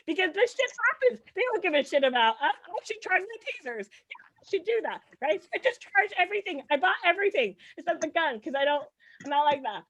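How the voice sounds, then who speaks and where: Speaking fast in a high, sing-song, slightly bright voice, a woman performs stand-up at a comedy show. She talks sarcastically and conversationally, tossing in "like" and "right?" often; the recording is dull and muffled.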